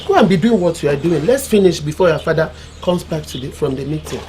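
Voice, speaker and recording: A woman's voice: low-pitched, animated, fast, noisy background. A wise Nigerian village mother. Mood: knowing. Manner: knowing, proverb-laden counsel. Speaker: mother advising her daughter.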